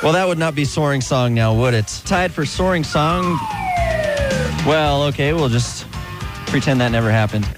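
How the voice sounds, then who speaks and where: A man's voice: medium pitch, moderate pace. A man co-hosting a live radio countdown, joking his way through on-air mistakes. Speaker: radio DJ co-host. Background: music.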